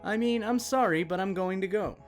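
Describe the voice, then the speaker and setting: A man's voice: a little high, expressive, normal speed, soft background music, lightly acted. A man voicing a polite, apologetic woman shopper with a hurt foot in a read-out story.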